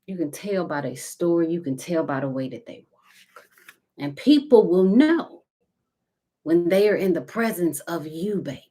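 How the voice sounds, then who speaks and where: A woman giving a casual spiritual tarot reading, talking intimately to viewers and calling them baby and honey, sometimes dropping to a soft whisper. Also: fairly low pitch, expressive, unhurried. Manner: intimate and chatty, calls listeners baby and honey. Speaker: tarot card reader.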